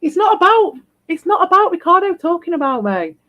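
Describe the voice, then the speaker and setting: A woman's voice: extremely high pitch, very animated, brisk, highs cut off. A woman streaming live, ranting bluntly and combatively and swearing freely. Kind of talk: livestream rant.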